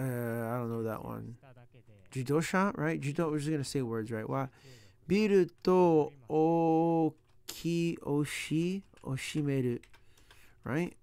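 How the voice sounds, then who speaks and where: A language learner talks to himself as he studies, working aloud through practice sentences, sounding out words, and cracking jokes. His voice is a little high, creaky, and darkish, captured with a clean tone.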